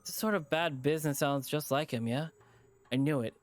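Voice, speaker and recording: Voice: medium pitch, moderate pace, faint music behind. Stressed-out streamer reading a visual novel. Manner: rattled, repeating itself, swearing under its breath. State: stressed, shaken. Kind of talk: reading a game aloud with character voices.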